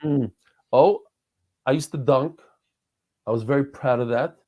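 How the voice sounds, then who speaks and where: A man's voice: medium pitch, unhurried, dark tone. A man in his forties, a podcast guest, telling stories in a rambling, heartfelt way with frequent restarts. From New York and Israel. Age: 40s. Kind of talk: casual conversation.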